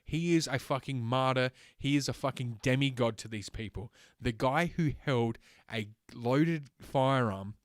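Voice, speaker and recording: A man's voice: medium pitch, unhurried, few pauses, dry recording, clean studio sound. Sarcastic, foul-mouthed man ranting. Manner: sarcastic, heavy swearing; reads aloud with stumbles and filler. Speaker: host. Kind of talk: solo livestream rant.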